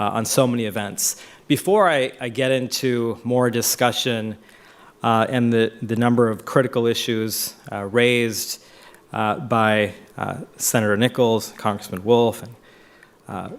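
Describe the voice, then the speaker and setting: Guy giving an official speech, quick, keeps saying uh, average pitch. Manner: brisk, with frequent "uh" hesitations. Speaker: ambassador. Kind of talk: formal address.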